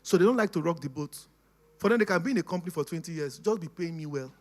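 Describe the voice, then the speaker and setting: A man giving a lively, casual teaching talk, laughing often and checking that his listeners follow. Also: a little high, fast talker. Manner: animated, laughing, acts out quoted voices, keeps asking "you understand?". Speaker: speaker on personality types.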